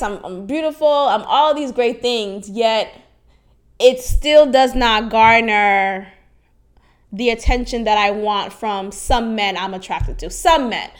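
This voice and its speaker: Frank high-voiced young woman podcaster. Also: measured pace. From Haitian. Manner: frank and animated, laughs often, swears freely. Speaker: podcast host. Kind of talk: candid personal podcast monologue.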